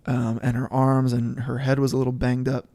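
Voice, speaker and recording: A man's voice: medium pitch, completely flat delivery, normal speed, mellow, no room sound. A young man in his twenties co-hosting a casual faith podcast, telling stories earnestly and often repeating words as he thinks. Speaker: podcast co-host.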